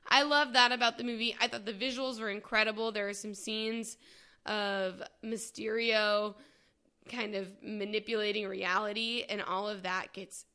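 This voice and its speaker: Woman, bright tone, casual chatty film review, laughs easily. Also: mid-range voice, steady tone, moderate pace, clear, resonant tone. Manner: enthusiastic, laughs often. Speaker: co-host. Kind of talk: casual movie review chat.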